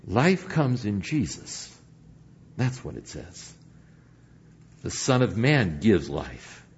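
An older man preaching a sermon as pastor, moving between emphatic points and hushed, quiet stretches. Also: lowish voice, breathy edge, dull audio.

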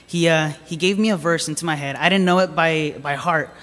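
A man's voice: on the high side, fairly even intonation, a little fast, fairly bright tone, long reverb tail. A man preaching a sermon, reading scripture aloud and then telling a personal story in a casual, hesitant way with many fillers. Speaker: lay preacher.

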